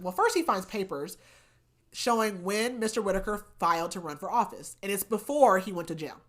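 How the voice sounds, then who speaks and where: A woman hosting a book podcast, casually recapping chapters in a chatty way with lots of "like" and animated retellings. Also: mid-range voice. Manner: chatty, heavy use of "like", animated retelling of scenes.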